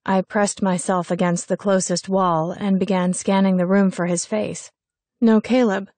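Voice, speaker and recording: A young woman narrating a first-person story in an expressive, wry reading style. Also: mid-range voice, a little slow, dry recording. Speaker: audiobook narrator.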